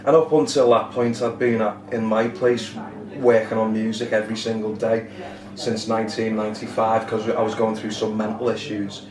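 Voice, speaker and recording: A man being interviewed backstage, relaxed and joking with dry humour. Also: lowish voice, normal speed, crowd noise. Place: backstage at a music club. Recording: roomy, distant, noisy room.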